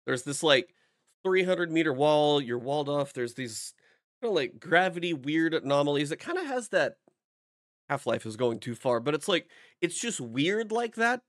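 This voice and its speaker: A man's voice: on the high side, sing-song, normal speed, no echo, studio quality. A man co-hosting a games podcast, chatting casually and rambling with frequent restarts and fillers as he talks about games he is reviewing. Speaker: podcast co-host, game reviewer. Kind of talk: casual chat.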